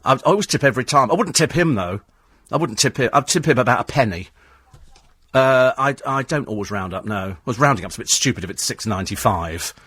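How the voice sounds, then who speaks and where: Sarcastic bloke on talk radio, mid pitch, dead dry studio mic, picks fights with listeners. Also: male voice, expressive, brisk, fairly bright tone, slightly rough, dry recording. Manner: combative, mocking, sarcastic. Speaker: radio phone-in host. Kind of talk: talk radio monologue reading listener texts. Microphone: studio microphone.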